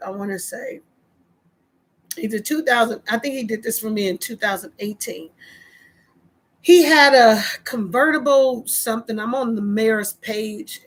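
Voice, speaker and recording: A woman's voice: a little high, moderate pace. A woman in her thirties venting emotionally in a personal vlog, tearful and repeating herself as she talks. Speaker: vlogger.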